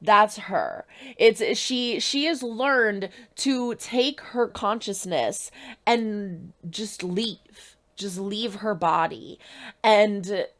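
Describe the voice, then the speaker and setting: A woman talks straight to her viewers, recapping a drama episode in a loose, conversational way. She trips over her words, restarts her sentences, and lets her voice leap upward when something excites her. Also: drawn-out words. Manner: chatty, restarts often, stresses words with rising pitch. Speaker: reaction video host. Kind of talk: casual spoken recap of a TV episode.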